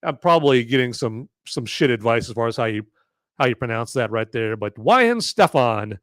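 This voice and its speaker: A man's voice: medium pitch, animated, normal speed, fairly bright tone, no room sound, clean studio sound. A man from the United States hosting a live movie review podcast, rambling in casual chat with lots of fillers and restarts. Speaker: podcast host.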